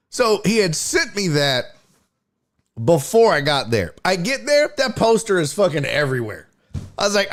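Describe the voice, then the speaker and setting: A man's voice: high voice, huge pitch swings, measured pace, a bit bright. A male comedian and podcast host telling a story in casual chat, profane and exclaiming.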